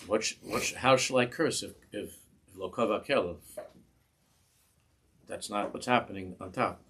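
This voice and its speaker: A man who is a rabbi giving a Torah class in a synagogue, speaking passion, often repeating and restarting words and slowing down on quoted phrases. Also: lowish voice, a bit bright, slightly rough.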